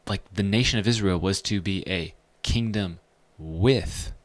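Casual, low-voiced man teaching scripture. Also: unhurried. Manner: casual and animated, slips into slang. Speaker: pastor. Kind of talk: conversational Bible teaching.

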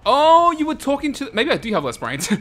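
A man giving crude, comedic commentary over a video game, often shouting and laughing. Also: very high voice, huge pitch swings, normal speed, a little hiss or hum. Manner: loud, crude, shouts often and laughs at his own jokes. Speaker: gaming channel host. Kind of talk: profane comedic gameplay commentary.

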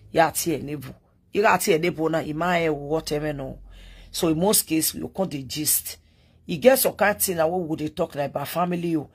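A woman's voice: low-pitched, slightly rough. A woman with a Nigerian accent hosting a live stream, telling a family story to her viewers in casual, chatty talk that drifts between Pidgin and English.

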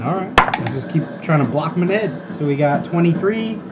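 Animated, lively man playing a tabletop game. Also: on the high side, brisk, loud music behind the voice. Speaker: player. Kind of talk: casual game chat.

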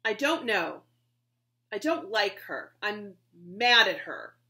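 A woman reading aloud voices an eager, easily hurt little girl who calls out and pleads in a high voice. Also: sing-song, slow, bright, forceful tone, full character voice. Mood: cross.

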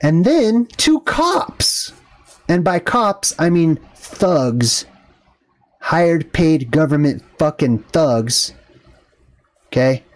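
A man's voice: fairly high pitch, expressive, very slow, long pauses. A man vlogging, telling a story in an indignant, rambling rant full of fillers and asides. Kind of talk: casual ranting storytelling.

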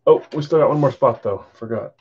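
This live card break host talks fairly quickly in a husky, medium-pitched voice, though he's tired and yawning. He chats casually while calling bids and sales, and the stream's lo-fi audio is slightly dull.

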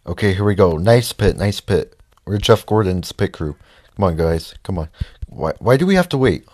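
A man giving casual gameplay commentary, reacting loudly to the race and muttering frustrated asides. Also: low voice, big pitch swings, brisk, no echo, clean studio sound. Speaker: let's play gamer.

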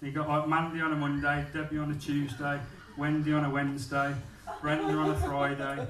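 Male stand-up comic, crude and self-mocking, fairly high voice, live club recording from far off. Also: monotone, fairly quick, a crowd in the background. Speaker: stand-up comedian. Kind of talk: stand-up comedy routine. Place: comedy club stage, indoors. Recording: echoey club from far off, audience noise.

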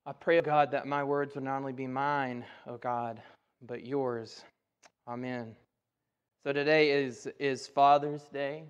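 Pastor, high voice, reverberant church. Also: male voice. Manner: folksy, animated storytelling with rising excitement. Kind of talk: conversational sermon with personal stories. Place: church sanctuary. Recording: dull sound with long hall reverb.

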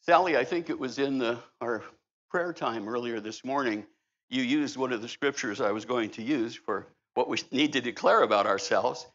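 Here a middle-aged male pastor speaks at a moderate pace with medium pitch and a fairly bright tone, preaching a conversational sermon laced with humor. The recording, made in the church sanctuary, is slightly dull and lo-fi.

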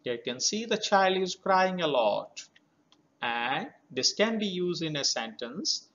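A man teaching a children's poem, explaining words slowly and spelling them out letter by letter. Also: on the high side, sing-song, fairly bright tone. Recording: slightly dull lo-fi recording.

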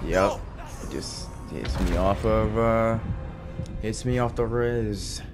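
A young man with a fairly low voice narrates his gameplay in a loose, casual way, swearing constantly and trash-talking the enemy. Loud game music plays beneath his voice throughout. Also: takes it slowly. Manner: profane, exasperated trash talk. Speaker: gaming streamer.

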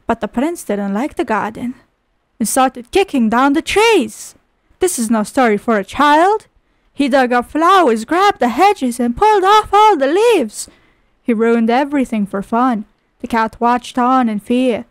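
A young woman hosts a casual let's-play video, offering profane, sarcastic commentary and frequent exclamations as she games. Her voice sits high and expressive, a little slow, with no echo.

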